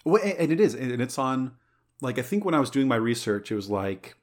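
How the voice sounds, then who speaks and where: Very animated and fairly quick, a podcast host with a medium-pitched voice rambles through a casual conversation. His excitement shows in the constant fillers and restarts.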